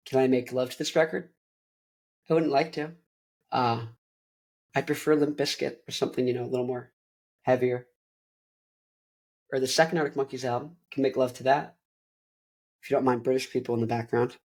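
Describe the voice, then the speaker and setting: Man, 20s, host, casual chat, rambling, chatty, goes off on tangents, mid-pitched voice. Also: normal speed, pauses often, darkish tone.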